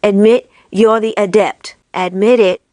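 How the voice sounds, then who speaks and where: A woman's voice: mid-range voice, fairly even intonation, a little slow, mellow, no echo, close to an everyday voice. Casting: woman playing a paranoid, bitter witch, accusing and intense, dry close reading.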